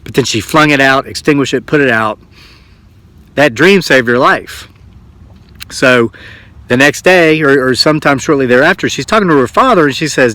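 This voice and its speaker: A man's voice: mid-range voice, normal speed. A man vlogging from his old homestead, casually retelling a story and acting out the voices in it. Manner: animated retelling, acts out quoted voices. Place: old farmhouse.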